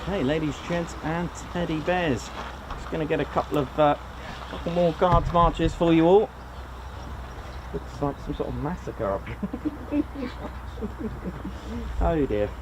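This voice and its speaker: A man's voice: on the high side, measured pace, long pauses, noisy background. Chatty male livestream host. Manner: chatty, thanks viewers by name. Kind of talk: casual live stream chat. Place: outdoor airfield viewing area.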